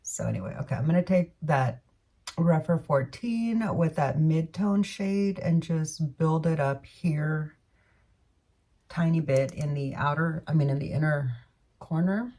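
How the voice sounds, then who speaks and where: Woman, low husky voice, rambling makeup-tutorial chatter, self-correcting asides. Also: a little slow, mellow, distant mic. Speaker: beauty vlogger. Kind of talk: casual makeup tutorial chat.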